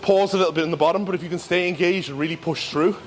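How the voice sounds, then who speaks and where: A man's voice: on the high side, racing, a little hiss or hum. Man coaching through a gym session. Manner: relaxed, instructive, talks through gym cues with fillers. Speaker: bodybuilder and coach. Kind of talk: casual training vlog commentary.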